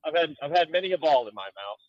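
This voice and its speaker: A man's voice: fairly high pitch, sing-song, fast, no echo, dull audio. A man joining a podcast by video call while walking outdoors, chatting playfully. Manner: playful, joking. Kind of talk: casual chat. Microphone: phone on a video call.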